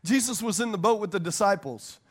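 A male pastor preaching a sermon to a congregation, telling animated, joking stories and laughing often. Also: high-pitched, fairly quick. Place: church service before a congregation.

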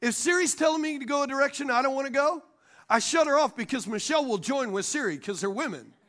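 A man's voice: expressive, fast talker, sharp tone. A man preaching in church, joking with the congregation and calling for responses. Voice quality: high voice for a man. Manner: preaching with call-and-response and jokes. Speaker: pastor. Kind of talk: sermon. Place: church sanctuary.

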